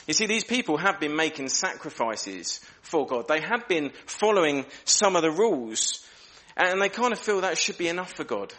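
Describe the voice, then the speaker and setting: A man preaching an evening church sermon, acting out questions in lively voices. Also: on the high side, normal speed, few pauses.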